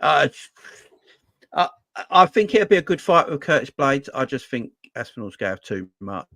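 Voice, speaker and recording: A man in a casual sports chat, talking in a halting way with frequent stammered restarts. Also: mid-range voice, sing-song, a bit bright, dry recording. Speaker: podcast guest.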